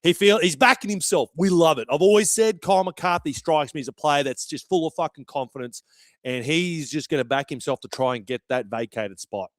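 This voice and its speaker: Brash Aussie podcast host, raised voice. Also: male voice, a little high, dry recording. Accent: Australian. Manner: brash and chatty, swears freely. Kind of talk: casual podcast commentary.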